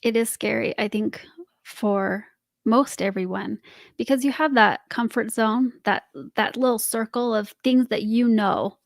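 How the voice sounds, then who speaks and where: Gravelly-voiced laughing woman guest. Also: a little high, steady tone, a little slow, no echo, clean studio sound. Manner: laughs while explaining, self-mocking. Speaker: podcast guest. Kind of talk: casual interview chat.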